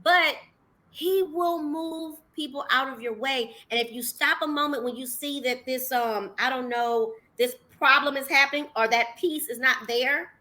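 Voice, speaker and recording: A woman talks in a casual podcast chat, high in pitch and bright in tone. She is animated and quick to exclaim. She acts out the words she once said herself. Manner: animated, exclaiming and acting out her own words. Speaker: podcast host.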